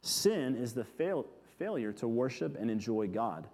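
A man preaching a sermon, earnest, repeating key words and letting them fall soft. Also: mid-range voice, big pitch swings, measured pace, long reverb tail. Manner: earnest, with emphatic repetitions falling soft. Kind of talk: sermon teaching on scripture.

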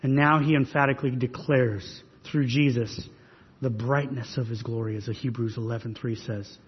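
A man's voice: mid-range voice, fairly even intonation, moderate pace. A pastor delivering a sermon, preaching earnestly and pressing his listeners with rhetorical questions. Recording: husky voice in long reverb hall, dull sound.

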